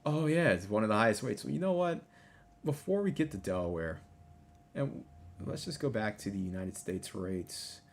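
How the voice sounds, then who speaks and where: A man hosting a casual livestream, talking over a map and reading out numbers, excitable and often repeating himself. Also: fairly low pitch, moderate pace. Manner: excitable, exclamatory, repeats phrases. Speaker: livestream host.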